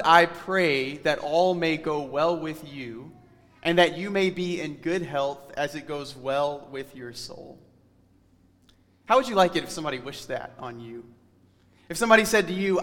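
A man preaching a sermon in an earnest, emphatic way, slowing down to read scripture aloud. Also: fairly high pitch, a bit bright, long reverb tail.

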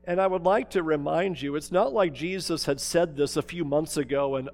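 Male preacher with a high voice, dramatic storyteller who shifts between forceful and hushed delivery, recorded with long hall reverb. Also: moderate pace, few pauses. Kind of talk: sermon.

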